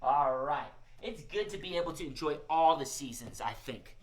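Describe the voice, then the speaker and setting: A man's voice: a little high, expressive, moderate pace. A man hosting a live children's music show, playful and coaxing, who often says "y'all" to his young audience. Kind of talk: live-streamed kids' show chat.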